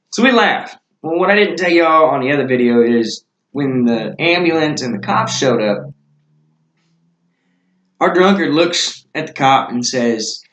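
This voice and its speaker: A man's voice: a little high, lively intonation, a little slow, a bit bright. Guy rambling through stories, lots of uhs, roomy echo. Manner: rambling, many fillers and restarts. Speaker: vlogger telling stories. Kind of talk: casual storytelling.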